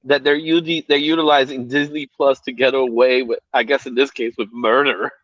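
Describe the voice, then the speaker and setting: A man's voice: medium pitch, little pitch movement, moderate pace, a bit bright, dry recording. A man chatting animatedly on a video call from a car, with stammering restarts. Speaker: panelist. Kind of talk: casual panel chat. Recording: dull, dry lo-fi call audio.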